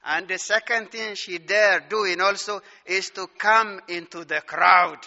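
A male preacher delivers a sermon in a high, very bright voice, pacing his words slowly and stressing each point. His voice rings through a big reverberant hall, and the recording sounds somewhat dull. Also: fairly even intonation, creaky. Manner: slow, emphatic preaching with scripture readings.

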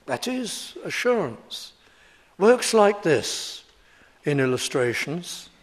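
Slow, emphatic older preacher. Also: male voice, high-pitched, sing-song. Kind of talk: sermon.

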